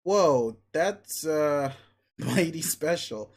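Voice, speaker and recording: A man reading aloud as an earnest, easily flustered young fellow who peppers his talk with old-timey exclamations. The voice sits a little high and close to the reader's own. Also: animated, very slow, heavily acted.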